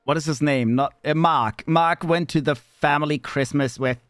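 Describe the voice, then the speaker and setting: A man chatting casually on a live stream, rambling and swearing, with sudden squeaky high bits. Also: moderate pace, fairly bright tone, clean tone, no echo, studio quality.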